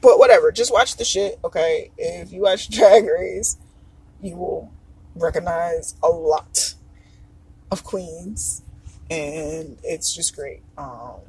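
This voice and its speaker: A podcast host chatting casually on their own, in a loose, profane and expressive way with lots of fillers and asides. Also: mid-range voice, slow pace, slightly rough, low-quality recording. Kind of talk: casual solo podcast chat.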